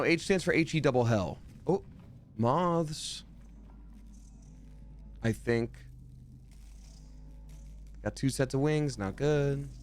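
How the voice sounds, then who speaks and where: Guy streamer talking through a spooky game, jokey chatty commentary, normal mid voice. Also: medium pitch. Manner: chatty and jokey, reading out chat messages. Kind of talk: live gameplay commentary.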